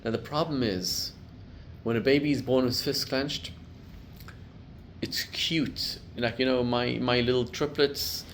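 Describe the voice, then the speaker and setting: A middle-aged man, a rabbi, giving a class to a live group, telling stories and building to loud emphatic peaks. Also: mid-range voice, measured pace, a little hiss or hum.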